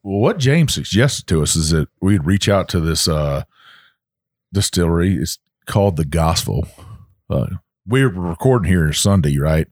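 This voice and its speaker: A man's voice: deep voice, expressive, a little slow, dry recording, studio quality. A man with a Southern US accent, co-hosting a podcast in a folksy, rambling way with plenty of fillers. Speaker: podcast co-host. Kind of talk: casual chat.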